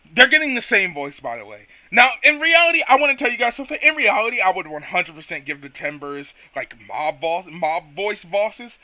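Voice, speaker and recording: A man hosts a casual let's play, rambling excitably and teasing himself. His voice is high and bright with lively pitch, recorded dry and close. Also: brisk, few pauses, dry recording. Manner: excitable, rambling, self-mocking. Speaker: gaming video host.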